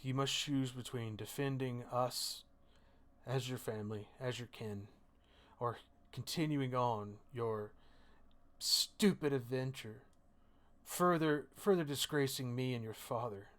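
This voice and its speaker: A man voicing a stern dwarf mother in a tabletop game, scolding in a cold, hushed way. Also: mid-range voice, unhurried, natural voice.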